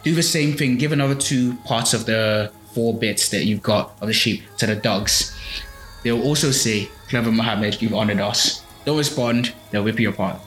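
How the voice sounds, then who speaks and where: A man's voice: mid-range voice, moderate pace, a bit bright. A man casually retelling a folk tale on a podcast, with loose phrasing, plenty of fillers and restarts. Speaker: podcast storyteller. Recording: echoey room with faint music.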